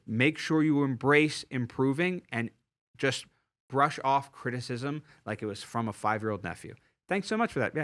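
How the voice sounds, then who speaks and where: A man hosting a sales podcast, delivering an energetic motivational talk and repeating key points for emphasis. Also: medium pitch. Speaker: sales trainer and podcast host.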